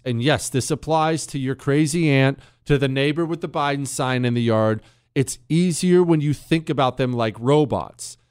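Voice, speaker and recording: A male talk show host delivers his monologue with a sarcastic, storytelling edge. His pitch swings widely as he builds each point. The studio sound is close and dry. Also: darkish tone, clean tone, dry recording.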